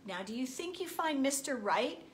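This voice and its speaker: A woman giving a motivational spiritual talk, deliberate and often laughing as she acts out everyday examples. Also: high-pitched, expressive. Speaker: spiritual speaker.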